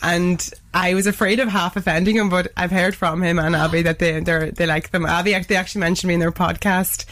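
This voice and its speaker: Young irish woman yapping on a podcast, bit low pitched, laughy. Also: steady tone, a little fast, hardly any pauses, a bit bright. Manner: chatty, laughing, acts out quoted voices. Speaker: guest lip-sync creator. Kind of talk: casual podcast chat.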